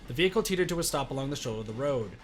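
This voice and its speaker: A man streaming a visual novel, reading its text aloud in an animated way and shouting excited reactions between lines. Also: medium pitch, very fast, faint music behind.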